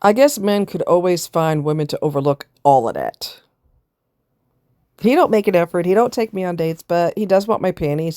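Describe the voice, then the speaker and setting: A woman's voice: on the low side, expressive, normal speed, dark tone, clear, resonant tone, dry recording, clean studio sound. A woman vlogger giving blunt, preachy casual commentary, firing off rhetorical questions and answering them herself.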